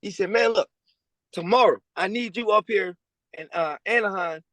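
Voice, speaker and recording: A fairly high-voiced man from tells his story in an interview, with loose, slangy speech. He jumps up in pitch to act out what other people said. The call has a dry, close sound. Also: moderate pace, no echo, poor audio. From Louisiana. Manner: animated storyteller, acting out quoted people in a higher voice; slangy and casual. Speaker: guest. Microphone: remote call over a weak connection.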